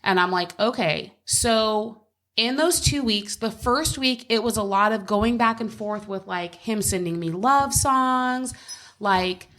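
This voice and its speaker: A woman's voice: a little high, takes it slowly, fairly bright tone. A woman co-hosting a podcast from home, telling a personal story in a candid, blunt casual chat, with frequent swearing. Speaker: podcast co-host.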